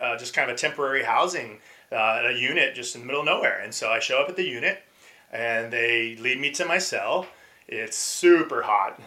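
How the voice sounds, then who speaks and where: A middle-aged man, a former pro baseball player, telling stories as a podcast guest, animated and acting out quotes with frequent restarts. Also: mid-range voice. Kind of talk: casual storytelling interview.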